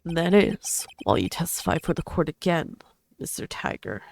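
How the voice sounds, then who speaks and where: A woman voicing a cool, sly male prosecutor who loves coffee, speaking in a sardonic, low, breathy way. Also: sing-song, moderate pace, a little mellow, slight background noise. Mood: smug. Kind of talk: voicing game text in a playthrough.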